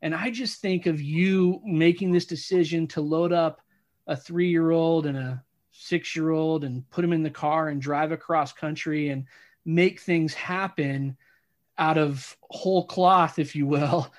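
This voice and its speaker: A man co-hosting a podcast who speaks in a reflective, halting way with frequent restarts while chatting with a guest. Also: on the high side, fairly even intonation. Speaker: podcast co-host. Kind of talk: casual interview chat.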